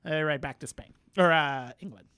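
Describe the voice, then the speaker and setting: A man with a bright, forceful voice talks through a TV episode in casual podcast chat. He bounces along with fillers and playful quoted voices. The sound is dry and close to the mic. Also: a little high, normal speed, clear, resonant tone, dry recording. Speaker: podcast co-host.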